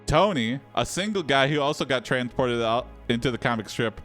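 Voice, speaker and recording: Reacting to an AI story, a man hosting a game live stream cracks jokes and laughs a lot. He speaks in an expressive, slightly bright mid-range voice at a moderate pace, with soft background music.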